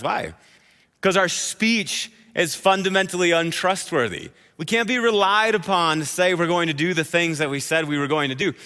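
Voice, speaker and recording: A man in his thirties preaching a sermon to a live congregation, telling a personal story in a conversational, animated way. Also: fairly high pitch, clear, resonant tone. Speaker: pastor. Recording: hall reverb.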